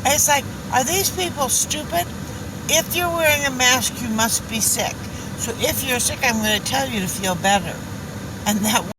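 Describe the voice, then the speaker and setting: A woman's voice: sits high, moderate pace. A woman speaking earnestly in a self-recorded video, mimicking other people's replies. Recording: distant mic, loud outdoor street noise.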